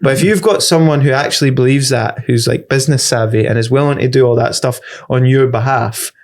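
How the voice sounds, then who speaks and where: A man's voice: medium pitch, a little fast. A Scottish man, a stand-up comedian, chatting on a podcast, swearing freely and rambling through stories. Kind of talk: casual podcast chat.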